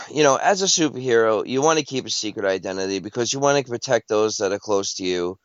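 Low, smooth-voiced man, halting. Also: lively intonation, no echo. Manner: halting, many fillers and repeats. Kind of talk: casual chat. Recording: dull, dry lo-fi sound.

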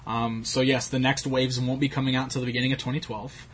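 A man's voice: medium pitch, level tone, fast talker, a little hiss or hum. A man hosting a casual chat about action figures, rambling with fillers and laughs. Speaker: toy collecting show host.

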